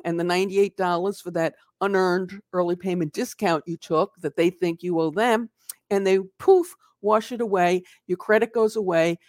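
Video lesson host, emphatic, conversational, checks in often, dry studio sound, mid pitch. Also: a little mellow, dry recording. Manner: dramatizes losses with "poof". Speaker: channel host teaching accounts payable. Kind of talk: unscripted explanatory video lesson.

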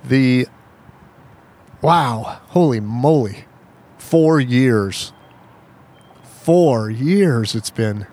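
A man co-hosting a casual podcast, trading stories with friends. His voice sits at an ordinary middle pitch. He leaps upward when something excites him. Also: extremely slow, long pauses. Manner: animated storyteller, jumps to high excited pitch. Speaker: podcast co-host. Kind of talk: casual chat.

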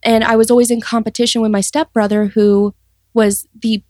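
A woman's voice: fairly high pitch, level tone, a little mellow, no echo, clean studio sound. Earnest young woman sharing her story. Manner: earnest, reflective, halting with restarts. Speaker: guest sharing testimony. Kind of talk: personal testimony interview.

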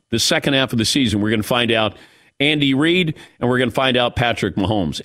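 A man's voice: mid-range voice, fairly bright tone. A man hosting a sports talk radio show, firing off opinionated takes and rhetorical questions.

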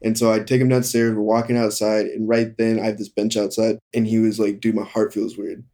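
A young man candidly telling a hard personal story in conversation, halting and full of fillers. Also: lowish voice, level tone, mellow. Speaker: guest.

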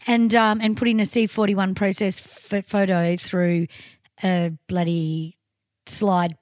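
A woman with an Australian accent co-hosts a chatty podcast, spinning stories bluntly and with some swearing. Her voice has a middle pitch for a woman and sounds close and dry. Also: slow pace, no room sound. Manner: animated storytelling, blunt and sweary. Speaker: podcast co-host. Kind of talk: casual chat.

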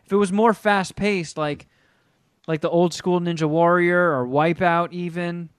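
A man's voice: sits high, fairly even intonation, unhurried, smooth, no room sound, studio quality. A man chatting casually as a podcast co-host, crude and rambling, restarting often. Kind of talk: casual chat.

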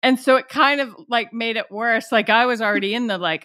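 A middle-aged actress guest telling a story in a casual interview, animated and laughing as she goes. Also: mid-range voice, moderate pace, few pauses.

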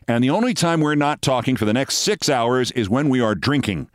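A man's voice: mid-range voice, lively intonation, fairly quick, few pauses, clean tone, no echo. A man in his sixties telling a long personal story as podcast host, wry and dry, acting out the quoted lines. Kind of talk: storytelling monologue.

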